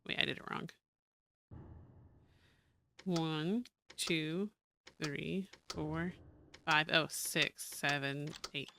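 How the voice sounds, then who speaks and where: Bright, chatty woman playing a game. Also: deep voice, fairly even intonation, drawn-out words, gravelly, pauses often, slight background noise. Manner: chatty, thinks aloud while counting and reading notes. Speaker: gaming streamer. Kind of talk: casual let's-play commentary and reading aloud.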